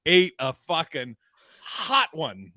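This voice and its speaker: A man's voice: fairly high pitch, big pitch swings, slow, pushed and bright, no room sound, clean studio sound. Profane, rambling male comedian host. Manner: rambling, profane storytelling with many restarts. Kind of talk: casual chat.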